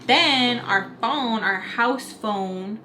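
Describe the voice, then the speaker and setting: A woman's voice: a little high, drawn-out words. A young woman with an American accent from Utah, casually telling a personal story and acting out her family's voices. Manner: animated, acts out quoted voices of family. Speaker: vlogger telling a story time. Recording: echoey room, faint noise.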